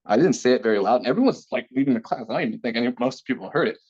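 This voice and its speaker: A young man telling a story from his school days in a relaxed interview, talking casually with many fillers and restarts. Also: mid-range voice, racing, husky. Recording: slightly dull lo-fi sound.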